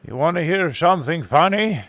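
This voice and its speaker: A man's voice: on the high side, lively intonation, a little fast, fairly bright tone, no echo. A man playing a chatty role-play craftsman with a put-on British accent, musing in a meandering, hesitant way full of fillers. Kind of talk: live-streamed role-play.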